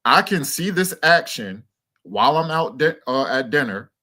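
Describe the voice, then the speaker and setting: A man joins a livestream as a guest and lays out his view in a steady, measured way, dropping plenty of fillers as he goes. His voice is mid-pitched for a man. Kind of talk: casual discussion.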